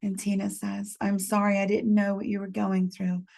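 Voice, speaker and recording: Gentle gravelly-voiced woman guiding a group. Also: medium pitch, completely flat delivery. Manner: gentle, unhurried, reads chat messages aloud. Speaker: medium leading a healing workshop. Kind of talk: guided reflection for a support group.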